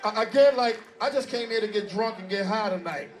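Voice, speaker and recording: New man, very high voice, loud profane stage storyteller who shouts a lot. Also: fairly quick, slight background noise. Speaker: performer on stage. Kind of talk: live storytelling to a crowd. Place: live club stage.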